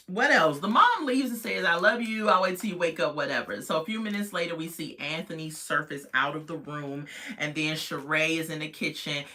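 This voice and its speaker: A woman's voice: fairly low pitch, bright, forceful tone. A woman casually recapping a reality TV episode, chatty and sassy with lots of asides.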